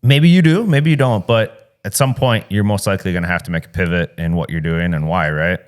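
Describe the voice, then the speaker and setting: Male host, very low-pitched, easygoing and conversational. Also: a little fast, clean tone. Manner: laid-back, steers the talk to business. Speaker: podcast co-host. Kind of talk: casual business podcast chat.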